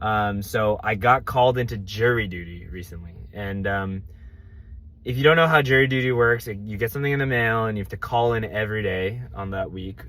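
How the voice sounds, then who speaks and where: A young man vlogging to camera, telling a casual story with quick asides and acted-out quotes. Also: lowish voice, a bit bright.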